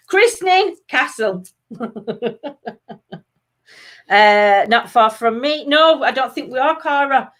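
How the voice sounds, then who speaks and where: A woman's voice: high voice, expressive, very slow, long pauses, fairly bright tone. South yorkshire woman, chatty co-host, reads viewer comments, laughs a lot, casual live-stream chat. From Sheffield, England. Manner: giggly, bursts into laughter often. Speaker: talk show co-host.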